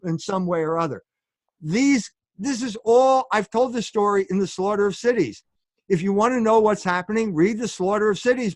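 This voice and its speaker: A man's voice: sits high, no room sound, clean studio sound. A man being interviewed as an author, lecturing emphatically, asking rhetorical questions and checking in with "okay?". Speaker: guest author.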